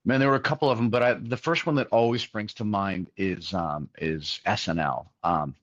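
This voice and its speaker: Low-voiced man telling rambling stories. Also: moderate pace, hardly any pauses, no room sound. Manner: rambling, many fillers and restarts. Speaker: musician, interview guest. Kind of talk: casual storytelling interview. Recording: dull, muffled sound, dry.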